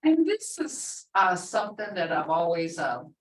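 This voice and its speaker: A middle-aged woman teaching a live language lesson, repeating words slowly and patiently for her learners. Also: lowish voice, very animated, a little hiss or hum. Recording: echoey room, far from the mic.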